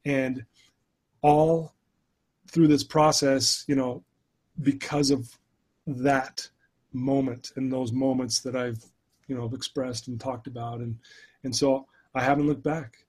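A middle-aged man, a guest life coach, telling his story in an animated, conversational way during a podcast interview. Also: mid-range voice, takes it slowly, pauses often, breathy edge. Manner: animated storyteller who addresses the host by name.

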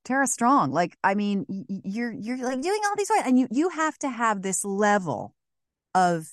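A voice actress talking animatedly in an interview, emphatic and quick to laugh, with many restarts. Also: female voice, mid-range voice, very animated, dry recording, clean studio sound. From United States. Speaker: voice actress, guest. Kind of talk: casual interview chat.

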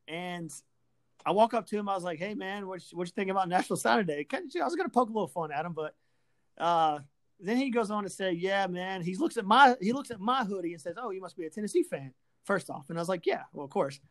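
Lively, fired-up woman ranting about sports. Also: mid-range voice, brisk. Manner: fired-up, sarcastic, profane ranting. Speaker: sports talk host. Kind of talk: ranting sports podcast chat.

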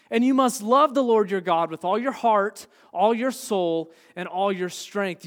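A man preaching a sermon as pastor, earnest, dropping quiet then rising to emphatic points. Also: sits high, big-room sound.

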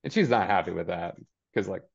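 With a low, expressive, slightly rough voice and a somewhat fast delivery, a man co-hosting a podcast rambles through a TV episode recap. He paraphrases the characters with plenty of "like," and the audio is lo-fi.

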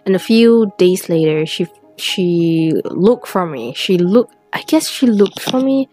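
A teenage girl telling a personal story in a rambling, halting way with many restarts, close to tears at times. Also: on the low side, lively intonation, warm tone, soft background music. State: tearful at times.

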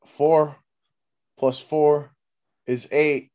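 A young man hosting a casual comedy podcast, joking around loudly and swearing freely. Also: a little high, level tone, extremely slow. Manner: loud, profane, joking banter. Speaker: podcast host.

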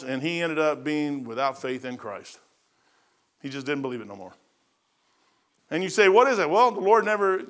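High-voiced folksy male preacher. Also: fairly bright tone. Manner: folksy, conversational preaching with slang. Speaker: pastor. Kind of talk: sermon.

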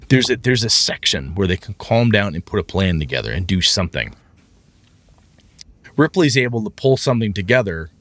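A man chatting casually about running tabletop games, animated and profane, often acting out his players in a raised, excited voice. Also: low-pitched, dry recording. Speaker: podcast co-host, game master.

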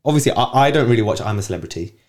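A man's voice: medium pitch, expressive, rapid-fire, a little mellow. A man hosting a casual chat podcast, teasing and arguing with his co-host. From United Kingdom. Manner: teasing, argumentative.

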